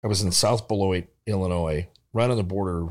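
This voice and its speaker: A man, a comedian and former cop, telling stories in a casual chat, animated and laughing through them. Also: low-pitched, fairly quick. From Omaha area of Nebraska. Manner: animated, laughing through his own stories, jumping into big voices for quotes.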